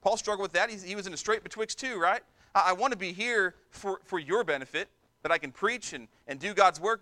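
Male pastor, sermon delivery, bright and high-pitched, emphatic and repetitive. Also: a little fast. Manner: emphatic preaching, repeats words for stress.

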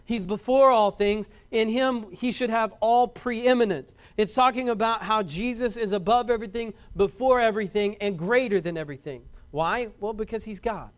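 A man preaching a sermon and telling a story, swinging from loud, rising passages to quiet ones, often repeating words and restarting. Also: high-pitched, clean tone.

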